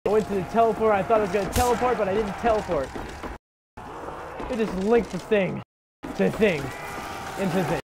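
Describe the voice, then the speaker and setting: A young man giving live commentary on a game from his own room. He swears constantly and bursts into startled yelling. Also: high voice, a little fast, pauses often, crowd noise, background noise. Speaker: gameplay commentator.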